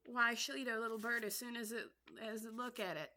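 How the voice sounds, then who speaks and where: Alice, an earnest, polite young girl, as a woman reading aloud plays her, with a raised, bright voice. She speaks humbly but eagerly, in the manner of a classic storybook heroine. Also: on the high side, fairly even intonation, brisk.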